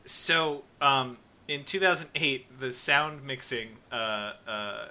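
A man co-hosting a podcast in casual chat, excitable and jokey, laughing often. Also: medium pitch, slow pace. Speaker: podcast co-host.

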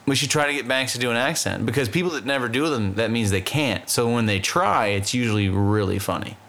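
A man's voice: medium pitch, brisk, a bit bright. A man co-hosting a podcast in casual chat, rambling and profane, laughing often. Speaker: podcast co-host.

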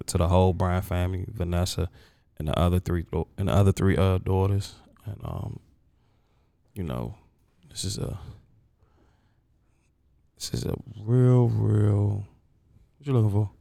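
Gravelly, grieving man talking loosely. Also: sits low, darkish tone. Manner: rambling, emotional, repeats words. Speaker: guest. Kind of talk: casual conversation.

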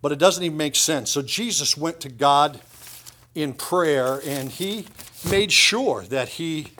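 A middle-aged pastor preaching a sermon in a conversational way, with lively asides and emphasis. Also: male voice, fairly high pitch, slow pace.

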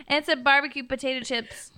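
A woman's voice: high-pitched, moderate pace, pushed and bright. A woman in her thirties co-hosting a podcast, chatting casually and rambling, often giggling and talking with her mouth full. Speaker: podcast co-host. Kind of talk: casual chat.

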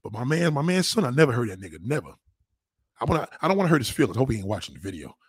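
Crude livestream guy ranting, husky voice, lots of ups and downs, dry close sound. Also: mid-range voice, sing-song, racing, no room sound. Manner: brash, profane, lapses into mock voices. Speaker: livestream host. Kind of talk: crude comedic rant to a livestream chat.

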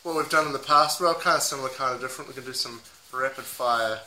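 A man's voice: mid-range voice, fast talker, roomy sound, background noise. A man co-hosting a casual podcast, joking and laughing at himself as he talks. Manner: laughs often, self-deprecating. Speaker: podcast co-host.

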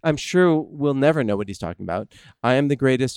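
A man's voice: medium pitch, lively intonation, fairly quick, darkish tone, clean tone, dry recording. A man chatting casually in a sarcastic, self-mocking manner on a close studio mic. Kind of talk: casual chat.

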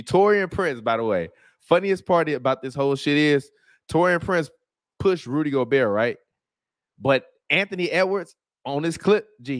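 Animated man riffing profanely on sports. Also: mid-range voice, no echo, clean studio sound. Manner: profane, animated, laughing riffs. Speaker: host. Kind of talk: casual comedic sports commentary.

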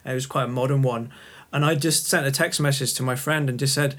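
A man's voice: medium pitch, fairly even intonation, fairly quick, a bit bright. A chatty man hosts a podcast. He speaks casually and agreeably, and he laughs easily. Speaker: podcast host.

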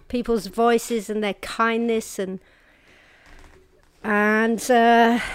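A woman telling her own survival story in a halting, earnest way, shifting between brisk and slow, quiet passages and dropping to a hush at the hardest moments. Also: medium pitch, clear, resonant tone, no room sound. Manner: halting and earnest, with restarts and hushed pauses at hard moments. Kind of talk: personal testimony told to an audience.

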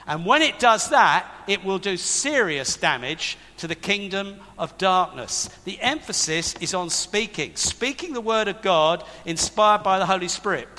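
A man's voice: high-pitched, sharp tone. A man preaching a sermon to a congregation, emphatic and conversational, with asides to the people in front of him. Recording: long reverb of a large hall.

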